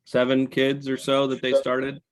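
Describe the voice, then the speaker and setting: Relaxed man chatting on a call. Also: mid-range voice, measured pace. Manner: relaxed, with hesitations. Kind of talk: casual video-call chat.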